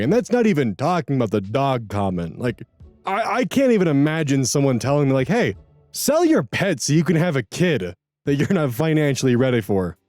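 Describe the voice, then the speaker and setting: A man hosting a channel, reading online posts aloud and adding expressive, quick-witted commentary. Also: mid-range voice, dry recording. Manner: expressive, animated, quick asides. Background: faint lofi music.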